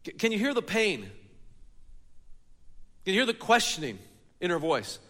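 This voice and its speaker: A man's voice: sits high, big pitch swings, moderate pace, fairly bright tone. A man preaching a sermon in a church hall, telling a story and building it with rhetorical questions. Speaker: pastor.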